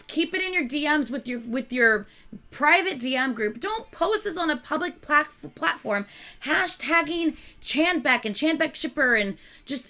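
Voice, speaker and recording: A woman hosting her channel, chatting casually with viewers in an animated, exasperated rant. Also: high voice. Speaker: channel host.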